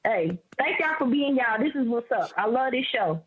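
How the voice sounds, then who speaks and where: A woman's voice: fairly high pitch, lively intonation, normal speed, husky. A middle-aged woman from Ohio with a Midwestern accent, calling into a live show and chatting in slangy, playful talk full of laughs. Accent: Midwestern American. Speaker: caller. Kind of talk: casual chat. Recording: dull lo-fi call audio.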